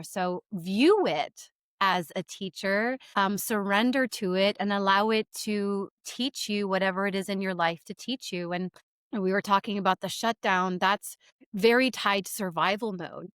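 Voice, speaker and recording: A woman's voice: mid-range voice, a bit bright, no echo, studio quality. A woman coach co-hosting a podcast conversation, talking frankly and reassuringly and laughing easily.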